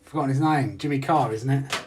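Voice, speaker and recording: A man's voice: mid-range voice, fairly quick, noisy background. A man from the UK hosting a hobby channel, chatting casually with viewers while unboxing parts, self-deprecating and laughing often.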